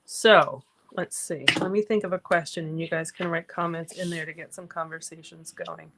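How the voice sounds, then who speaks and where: A chatty woman hosts a card-making livestream, her voice sitting on the lower side as she walks through each step and answers viewers. A faint hiss sits under the recording. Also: steady tone, moderate pace, a bit bright. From Massachusetts. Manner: chatty, talks through her crafting steps and reads out viewer comments. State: out of breath. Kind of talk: casual craft livestream chat.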